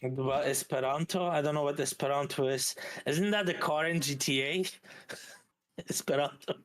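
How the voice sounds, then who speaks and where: A man's voice: a little high, moderate pace. A man with a Flemish Belgian accent chatting casually as a streamer host, rambling and hesitating as he goes.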